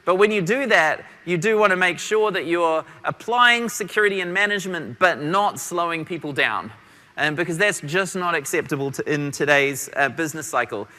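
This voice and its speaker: Bright New Zealand man presenting. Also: a little high, big-room sound. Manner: energetic, quick, self-deprecating. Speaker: conference presenter. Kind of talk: tech conference talk. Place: large conference hall.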